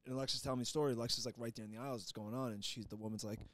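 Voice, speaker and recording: A man's voice: mid-range voice, rapid-fire. A young man co-hosting a podcast, telling a story in casual, profane chat. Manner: animated storyteller, swears freely. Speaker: podcast co-host.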